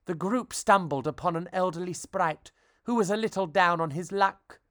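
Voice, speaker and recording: A storybook podcast reader, narrating a rhyming tale in a playful, expressive way. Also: mid-range voice, normal speed, no echo, studio quality.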